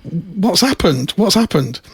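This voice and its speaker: An amazed male pet shop customer, as a man puts him on, husky and eager, firing off incredulous questions. His pitch rises and falls a lot, and the sound is dry and close. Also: sing-song, slow pace, no echo, heavily acted.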